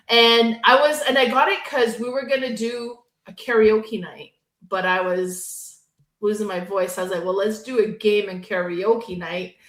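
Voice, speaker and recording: A woman co-hosting a board game podcast in casual chat, talking loudly with a strong voice. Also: medium pitch. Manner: loud, strong voice. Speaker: podcast co-host. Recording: roomy echo.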